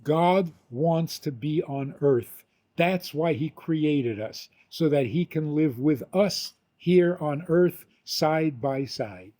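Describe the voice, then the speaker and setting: An older man, a rabbi, teaching with an animated story, acting out the quotes and laughing often. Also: fairly high pitch.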